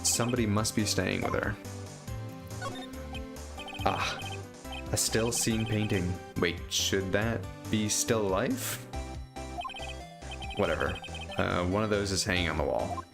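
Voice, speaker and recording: Casual gamer, slow hesitant reading, dry asides, music bed. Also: male voice, on the low side, creaky. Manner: unhurried, hesitant, wry asides. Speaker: gamer reading a story game aloud. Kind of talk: casual let's-play narration. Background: video game music.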